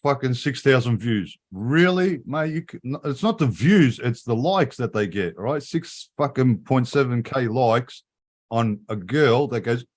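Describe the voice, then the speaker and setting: A man's voice: medium pitch, lively intonation, measured pace. A man in casual, profane livestream chat, laughing often and calling people mate. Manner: swears constantly, laughs often, says mate. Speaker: livestream co-host.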